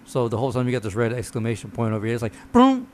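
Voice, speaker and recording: A relaxed man talking games with friends, slangy and loose with his swearing. His voice sits at a medium pitch, with a faint ambient hiss behind it. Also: racing. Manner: laid-back, profane, slangy. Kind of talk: casual gaming chat among friends.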